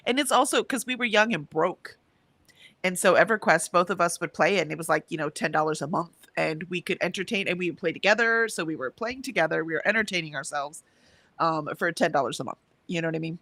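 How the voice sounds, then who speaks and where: A middle-aged woman chatting casually on a livestream, her voice bright and clear. She rambles, restarts her sentences and breaks into laughter often. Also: lowish voice, brisk, no echo. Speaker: co-host of a livestream. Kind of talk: casual chat, reading chat comments aloud.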